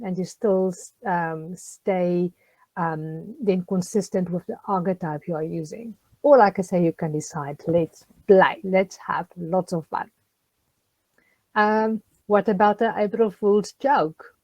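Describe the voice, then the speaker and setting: A woman's voice: medium pitch, mellow, no echo, lo-fi sound. A woman, a social worker giving a chatty, encouraging tutorial to a group, with many ums and questions to her listeners. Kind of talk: casual recorded tutorial.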